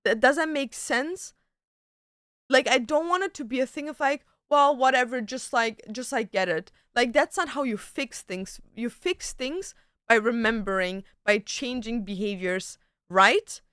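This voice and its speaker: A young woman chatting on a home livestream, telling a long, exasperated story with plenty of likes and curse words. Her voice sits high and sounds smooth and clean. The room is dry, with almost no echo. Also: a little slow, a bit bright. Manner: ranting storytelling with frequent likes and swearing. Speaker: streamer. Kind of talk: casual livestream chat.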